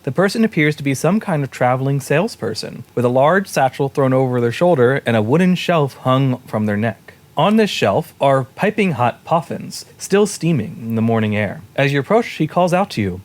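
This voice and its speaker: Laid-back guy game mastering, middle-pitched voice, joking around with the table. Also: normal speed, hardly any pauses. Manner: relaxed, jokey narration.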